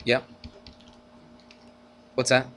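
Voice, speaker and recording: A man's voice: very slow, a little hiss or hum. A man teaching a college algebra class in a casual, conversational way, often checking in with students through rhetorical questions and acting out arguments with rising energy. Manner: animated, acts out arguments in a rising voice. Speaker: math teacher. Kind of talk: classroom lecture.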